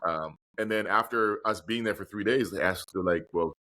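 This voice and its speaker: A man's voice: lowish voice, moderate pace, pushed and bright. A man speaking earnestly and reflectively as a podcast guest and motivational speaker. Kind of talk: conversational interview.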